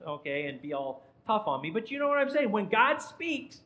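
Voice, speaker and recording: High-voiced man quizzing a congregation. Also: very animated, normal speed, a bit bright, poor audio. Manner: playful, quizzing listeners by name. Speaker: pastor. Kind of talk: interactive sermon with questions to the congregation. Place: church sanctuary.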